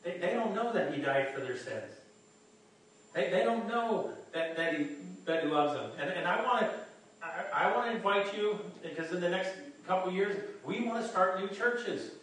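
A male pastor preaching a sermon to his congregation in an animated way, often repeating words as he restarts. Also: high voice, moderate pace. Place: church hall. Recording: echoey hall from far off, faint noise.

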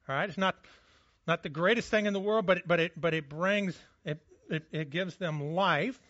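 Guy preaching a sermon, kinda high voice, earnest, says words twice a lot, dull dry audio. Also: moderate pace, a bit bright, no echo. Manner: earnest, often repeats words as he restarts. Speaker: pastor.

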